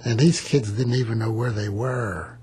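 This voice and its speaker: Very husky old man reminiscing. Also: mid-range voice, steady tone, normal speed, darkish tone. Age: 80s. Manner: plain-spoken, rambling, with reported dialogue. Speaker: war veteran. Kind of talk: oral history recollection.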